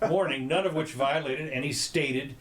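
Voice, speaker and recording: A man hosting a podcast, chatting casually in a rambling, halting way with many restarts. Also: on the high side, fairly bright tone, a little hiss or hum. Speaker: podcast host. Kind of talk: casual chat.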